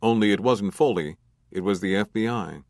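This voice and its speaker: Low-voiced male crime audiobook narrator. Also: normal speed, darkish tone, dry recording, clean studio sound. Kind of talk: scripted narration.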